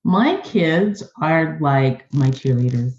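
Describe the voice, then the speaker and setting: A woman being interviewed on a podcast who talks in an earnest, animated, conversational way. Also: deep voice, takes it slowly, echoey room, highs cut off. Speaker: podcast guest.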